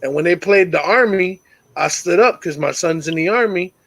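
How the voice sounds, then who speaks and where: This is a middle-aged man with a slightly high voice hosting a live call-in show. He tells long personal stories in a loose, casual chat style, swearing freely and getting animated. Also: normal speed, creaky, no room sound, rough recording. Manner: profane, animated storyteller. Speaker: host of a call-in talk show.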